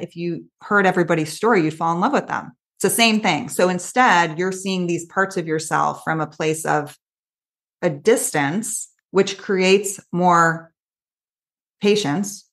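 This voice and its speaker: Animated, quick-talking woman coach. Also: fairly low pitch. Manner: animated storyteller, quick with asides. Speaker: coach, podcast guest. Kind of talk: casual interview chat.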